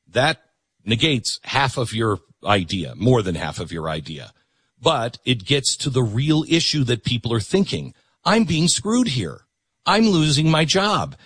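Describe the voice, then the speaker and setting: A middle-aged man hosts a talk show and argues an opinionated political monologue, hammering points home by repeating words. His pitch swings widely as he talks, his voice has a slightly husky edge, and it sounds dry and close. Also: fairly bright tone, dry recording. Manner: emphatic, repeats words for stress.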